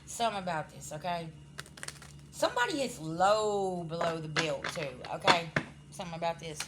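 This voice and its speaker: A woman's voice: lowish voice, lively intonation, normal speed, very noisy. A woman giving a casual spiritual reading to her viewers, blunt and scolding, swearing freely and checking in with "okay?" as she goes. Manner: addresses viewers directly, frequent "okay?" checks. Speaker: spiritual card reader.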